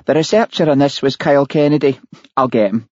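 A man voicing a blunt young woman with a thick Glaswegian accent, raising his pitch. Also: a little fast, warm tone, no echo, lo-fi sound. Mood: offhand.

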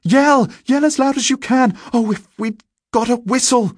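Man voicing a frightened schoolboy, high shrill shouts, urgent, storybook reading, dry close sound. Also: moderate pace, dry recording. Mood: panicked.

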